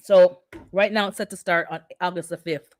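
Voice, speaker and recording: A middle-aged woman hosts a relaxed livestream and keeps answering her viewers' chat as she talks. Her voice sits a little low for a woman. It is recorded close in a dry room. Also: normal speed, no echo. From immigrant to North America. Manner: chatty, talks back to viewers' comments. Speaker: livestream host reading the chat.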